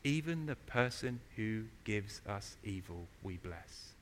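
A man preaching a sermon in a church, telling stories with animated, loud emphasis. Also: on the low side, slow.

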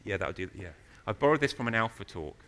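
A man preaching a sermon in a church, telling stories with animated, loud emphasis. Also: on the low side, quick pace.

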